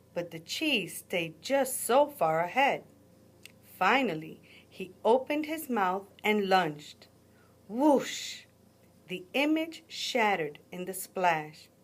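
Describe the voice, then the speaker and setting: Slow, expressive woman reading a story. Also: mid-range voice. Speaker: guest reader. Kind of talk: reading a picture book aloud.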